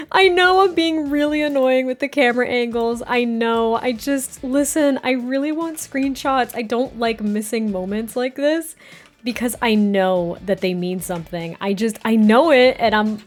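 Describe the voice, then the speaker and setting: Young woman narrating a sim game, high voice, giggly and gushy, bit of quiet music behind. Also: moderate pace. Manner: giggly, gushing, excitable. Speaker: gaming YouTuber. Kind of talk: casual gameplay commentary.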